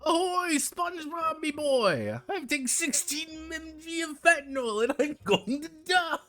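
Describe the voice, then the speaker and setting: A man doing an impression of a gruff old cartoon pirate crab, with exaggerated pirate bluster and a voice pushed well above his own. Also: very high voice, big pitch swings, measured pace, sharp tone, faint music behind, voice pushed up, exaggerated voice.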